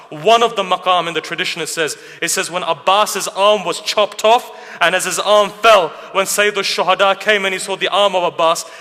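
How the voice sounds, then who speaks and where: A man's voice: high voice, pushed and bright. A man delivering a narrative sermon at a mourning gathering, telling the story with emotion and asking rhetorical questions. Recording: reverberant hall.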